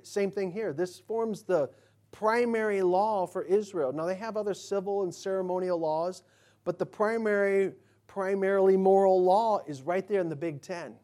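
A man preaching a sermon, talking casually and shifting from quiet asides to loud outbursts. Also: sits high. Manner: conversational preaching, swinging between soft asides and loud bursts. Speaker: pastor.

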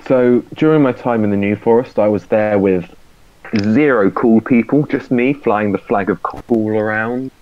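A man's voice: lowish voice, normal speed, lo-fi sound, slight background noise. A man co-hosting a casual podcast, mumbling and self-deprecating, trailing off as he talks. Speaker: podcast co-host. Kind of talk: casual banter, reading out a message.

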